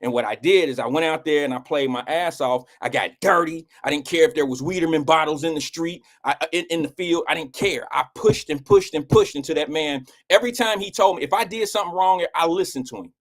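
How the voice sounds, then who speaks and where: A middle-aged man hosting a live show, telling a personal story in a blunt, animated way, with casual swearing and acted-out quotes. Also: a little fast, few pauses. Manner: animated, acts out quotes with swings in pitch. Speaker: host.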